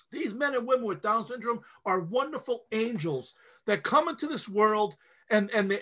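A middle-aged man on a podcast, telling family stories in an emphatic, rambling way and restarting his sentences often. His voice is bright and sits a little high for a man. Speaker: podcast co-host. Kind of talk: casual podcast storytelling.

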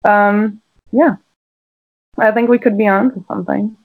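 A woman's voice: medium pitch, steady tone, unhurried, darkish tone, rough recording. Chatty woman, filler-heavy podcast talk. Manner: chatty, lots of "like" and "um". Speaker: podcast co-host. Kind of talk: casual chat.

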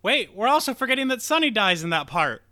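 A young man co-hosting a podcast, retelling a film in a rambling, animated way and acting out quotes. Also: sits high, fast talker, no room sound, studio quality. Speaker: podcast co-host. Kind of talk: casual film recap chat.

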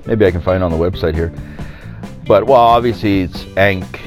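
A man's voice: low voice, normal speed, faint music behind. A man hosting his own podcast, talking in a rambling, opinionated way and chuckling at his own jokes. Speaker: podcast host. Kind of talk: casual opinionated monologue.

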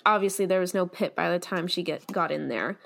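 A young woman co-hosting a casual chat podcast, telling a story in a chatty, excitable way. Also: fairly low pitch, a little fast, gravelly. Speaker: podcast co-host.

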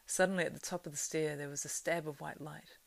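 Low, gravelly woman reading a story. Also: quick pace, no echo. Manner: steady storytelling, swells louder in action passages. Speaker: reader. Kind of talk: reading a novel aloud.

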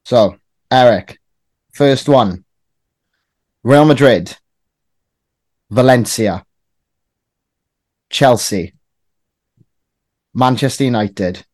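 A man's voice: mid-range voice, drawn-out words, pauses often, a little mellow, no echo. Man hosting a casual football quiz. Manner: reads clubs out one by one in a teasing tone. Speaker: quiz host.

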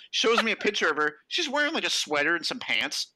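Animated young man telling stories. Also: high voice, brisk, no room sound, low-quality recording. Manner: animated storyteller who acts out other people's lines, swears a lot. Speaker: podcast co-host. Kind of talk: casual podcast chat.

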